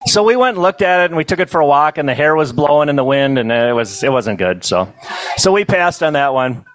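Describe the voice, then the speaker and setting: A middle-aged man telling funny stories at a banquet, in a folksy, self-amused way with quick asides to the crowd. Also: on the high side, lively intonation, rough recording. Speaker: banquet storyteller and comedian. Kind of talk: humorous storytelling to a live audience.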